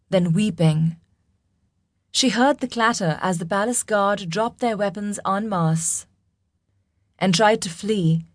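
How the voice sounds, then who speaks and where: A woman narrating a fantasy audiobook in a measured, dramatic storytelling manner. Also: medium pitch, dry recording, clean studio sound.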